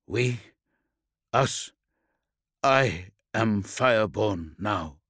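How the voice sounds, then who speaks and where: A man's voice: on the low side, expressive, extremely slow, fairly bright tone, slightly rough, no room sound, studio quality, exaggerated voice. A man growling as a guttural savage warrior. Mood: gruff. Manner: snarling, growled commands.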